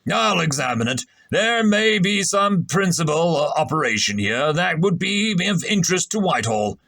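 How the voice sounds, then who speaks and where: A man's voice: fairly high pitch, sing-song, moderate pace, creaky, bright, forceful tone, pitched above the performer's own voice, full character voice. A man voicing an irritable, pompous naval captain who barks orders in a brusque, blustering way.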